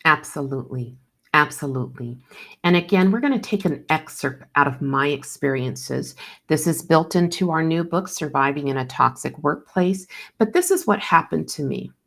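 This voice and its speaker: A low-voiced woman with a gravelly, creaky texture, hosting a conversation. She is direct and animated, and she reads passages from her own book. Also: normal speed. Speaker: host and author. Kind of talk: interviewing and reading her book.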